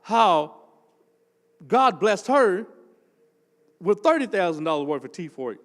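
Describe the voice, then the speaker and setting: An older man, preaching a testimony sermon as associate pastor and telling a story that builds up into shouting. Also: sits high, measured pace, long reverb tail. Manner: animated storytelling, swells into shouting.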